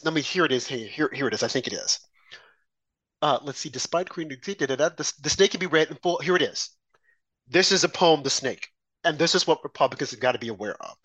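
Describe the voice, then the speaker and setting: A man's voice: on the high side, fairly bright tone, no room sound. A man hosting a political talk show, speaking emphatically and repeating his points. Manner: emphatic, repetitive, indignant. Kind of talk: political commentary.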